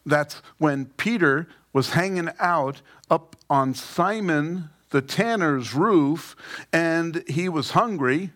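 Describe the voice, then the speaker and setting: A man's voice: on the high side, a bit bright. A man preaching a casual Bible-study sermon, informal and emphatic, with joking asides. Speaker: pastor. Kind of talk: conversational Bible teaching sermon.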